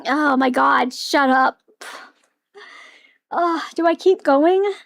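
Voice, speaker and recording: A woman's voice: high voice, slow pace, gravelly, a bit bright, dry recording, studio quality. A young woman streaming a game, chatting to herself with giggles, sighs and swearing. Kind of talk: casual livestream commentary.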